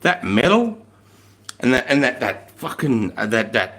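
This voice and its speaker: A man's voice: fairly low pitch, big pitch swings, measured pace, fairly bright tone. An Australian man, a former army corporal, telling a story in a blunt, heavily profane, emphatic way. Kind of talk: casual storytelling.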